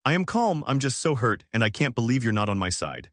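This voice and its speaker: A man's voice: mid-range voice, big pitch swings, brisk, no echo. Male reader doing an indignant, betrayed young woman, dry close sound. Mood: upset. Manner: pleading and indignant.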